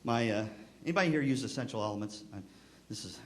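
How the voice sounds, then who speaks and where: Lively older man telling stories on stage. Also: quick pace. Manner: lively anecdotal delivery, acting out quoted voices with pitch jumps. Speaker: band music clinician speaking to band directors. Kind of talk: humorous storytelling talk to an audience.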